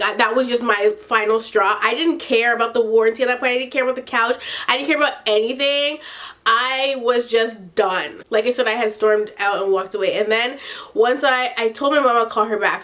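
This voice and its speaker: A woman with a fairly high voice tells a story to camera in a loose, casual rant. She swears freely, gets animated and laughs between lines. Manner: animated, profane, exasperated retelling. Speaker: storytime vlogger.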